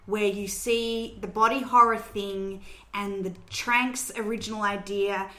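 Speaking a little slowly in a steady, sharp mid-range voice, a woman walks through a film's story scene by scene on her podcast. It's casual, chatty storytelling laced with fillers, and the audio has roomy echo.

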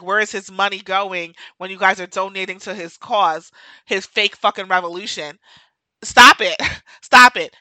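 A woman's voice: mid-range voice, pushed and bright, dry recording, low-quality recording. A woman hosting her own podcast, speaking in an emotional, impassioned monologue and hammering her points home by repeating them. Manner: impassioned, emphatic, repeats key phrases. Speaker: podcast host.

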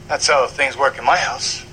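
A man's voice: medium pitch, sharp tone, low-quality recording. An actor playing a brash, pushy mobster father who jokes his way through a tense talk in a TV clip. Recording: TV clip with clear background noise.

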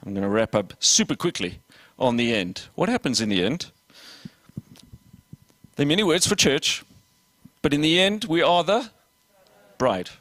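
A man preaching a lively sermon as pastor, voicing little dialogues and asking the congregation questions. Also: on the high side, normal speed, pauses often, dry recording. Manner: animated preaching with acted dialogue and audience questions.

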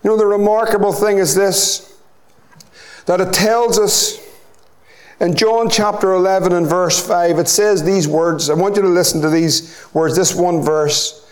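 High-voiced Northern Irish pastor preaching. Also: male voice, fairly even intonation, unhurried. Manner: rising to impassioned repeated appeals. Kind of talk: sermon.

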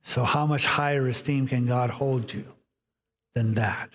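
A man preaching a sermon, reading scripture aloud and voicing inner dialogue with dramatic pauses. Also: mid-range voice, fairly even intonation, long reverb tail. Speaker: pastor.

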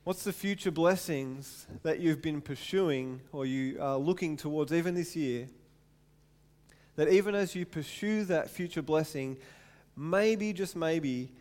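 A man in his thirties preaching a sermon to his church, animated and repeating words for emphasis. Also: on the high side, measured pace. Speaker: pastor. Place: church hall.

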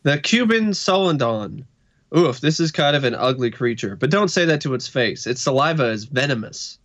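A man's voice: mid-range voice, lively intonation, normal speed, fairly bright tone, highs cut off. A man co-hosting a casual talk show, reading facts aloud and dropping in dry jokes. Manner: dry jokey asides while reading. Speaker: podcast co-host. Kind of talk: reading a list aloud with asides.

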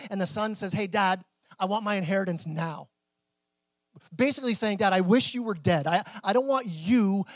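A man's voice: sits high, no room sound. A man pastor preaching a sermon in a conversational way, with small restarts.

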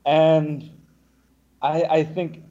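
A young man, a podcast guest, telling a lively anecdote and acting out what the other people said. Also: a little high, extremely slow, lo-fi sound. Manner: animated, acts out the other people's lines. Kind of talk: casual storytelling.

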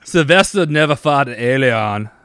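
A man putting on a put-on Austrian accent as a boastful tough action hero, speaking slowly and heavily. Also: mid-range voice, expressive, a bit bright, clear, resonant tone, no room sound, voice pushed up, close to an everyday voice.

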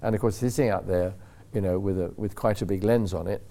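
With a low, warm, gravelly voice and fairly even intonation, an older racing driver talks a little fast as a guest on a club talk show. His anecdotes are long and rambling, he often corrects himself, and he acts out the voices of those he quotes.

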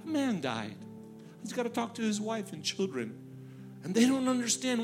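A middle-aged man from Ukraine preaching and telling a personal story in lively, animated style, acting out the people he quotes. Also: very high voice, normal speed. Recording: music playing underneath.

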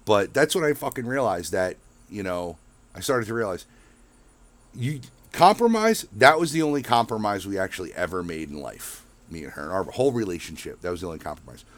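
Low-voiced man ranting, swearing freely. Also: very animated, brisk, no echo. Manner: profane and rambling, full of swearing and fillers. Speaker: podcast host. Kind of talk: casual monologue rant.

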